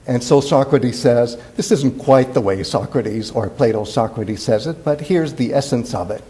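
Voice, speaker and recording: A man's voice: medium pitch, normal speed, few pauses, warm tone. An older man from Indiana giving a playful, digressive classics lecture at a symposium, full of fillers and restarts. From Indiana, USA. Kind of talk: symposium talk.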